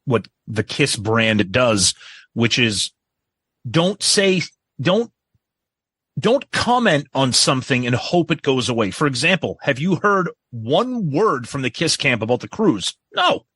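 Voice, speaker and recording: A man co-hosting a podcast in casual chat, emphatic, quick to agree and add asides. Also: medium pitch, big pitch swings, fairly bright tone, breathy edge, no room sound. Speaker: podcast co-host.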